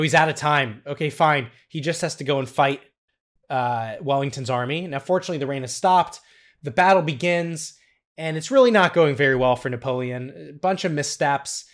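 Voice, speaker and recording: Podcast co-host, male, slightly higher voice, eager casual plot recap. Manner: enthusiastic retelling, loose with fillers.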